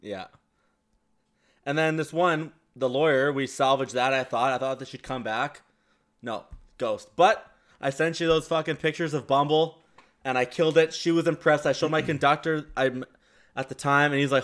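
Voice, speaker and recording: A man's voice: mid-range voice, moderate pace, a bit bright. A man co-hosting a podcast in casual chat, telling rambling, self-conscious stories. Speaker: podcast co-host.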